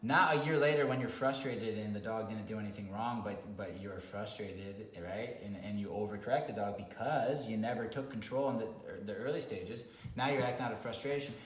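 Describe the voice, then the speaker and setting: A man working as a dog trainer, talking bluntly in a casual video chat and sometimes swearing, loudly acting out dog owners. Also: on the low side, a little fast, hardly any pauses. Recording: echoey room with faint noise.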